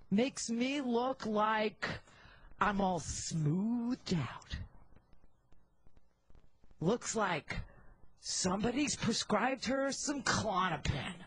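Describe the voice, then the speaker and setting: Middle aged lady radio host, husky voice, candid joking monologue, wanders off on tangents. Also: lowish voice, low-quality recording. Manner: candid, wisecracking, rambling asides. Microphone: handheld mic.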